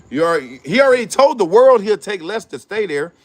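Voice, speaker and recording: This middle-aged man hosts his own show, riffing in slangy, casual commentary, laughing often and acting out quotes. His voice is high and sing-song, and he speaks briskly with few pauses.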